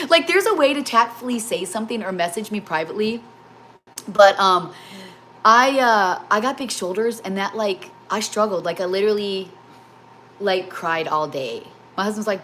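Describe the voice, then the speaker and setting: A woman's voice: medium pitch, moderate pace, fairly bright tone. Host, woman, middle-aged, rambling and emotional, casual livestream chat in a home kitchen with faint background noise. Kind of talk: casual chat while baking live.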